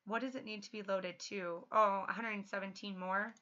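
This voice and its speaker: Bright, excitable woman streamer. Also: mid-range voice, normal speed. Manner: chatty and excitable, laughs often. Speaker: game streamer. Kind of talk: casual livestream chat. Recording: dull lo-fi audio.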